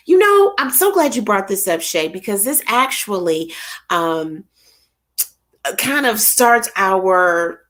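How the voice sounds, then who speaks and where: Medium-pitched and slow-paced, this middle-aged woman hosts a relaxed live stream. She chats in a lively way, calls out to viewers by name, and sprinkles in Southern church sayings.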